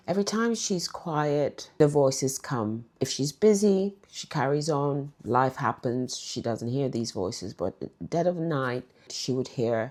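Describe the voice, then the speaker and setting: Talking straight to her viewers, a woman vlogger tells a chatty story to camera in a rumbling low, darkish voice. She speaks unhurriedly with lively intonation and few pauses.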